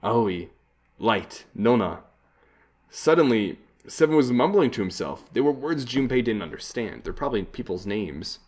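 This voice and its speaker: A man's voice: mid-range voice, expressive, normal speed, hardly any pauses, darkish tone. A man hosting a let's play, reading the game text aloud with casual, chuckling asides. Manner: casual, chuckling asides between read lines.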